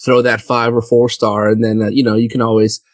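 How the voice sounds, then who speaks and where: A man co-hosting a movie podcast from home over a video call. He talks in a laid-back, hesitant, jokey way. His voice sits at a middling pitch and the recording is very dry, with no room sound. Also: flat delivery, a little fast, no echo. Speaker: podcast co-host. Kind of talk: casual chat.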